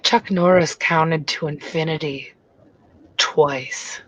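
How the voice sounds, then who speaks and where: A woman co-hosting a casual livestream, reading facts and jokes in a soft, slow, mock-ASMR voice. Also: sits low, fairly even intonation, slight background noise, poor audio.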